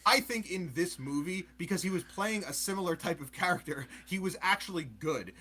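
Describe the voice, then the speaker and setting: A man's voice: high-pitched, lively intonation, fairly quick, pushed and bright, a little hiss or hum. A young man in a casual podcast debate, blunt and opinionated, often swearing. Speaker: podcast guest.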